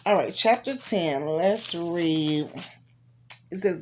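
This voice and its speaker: A woman with a low, husky voice reads scripture at an unhurried pace and chats between passages. She is cold and a bit sleepy, relaxed, with plenty of "you know" and "y'all." Her tone is plain and friendly. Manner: relaxed, chatty, with fillers and Southern US colloquialisms. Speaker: Bible reading host. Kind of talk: casual Bible reading and recap.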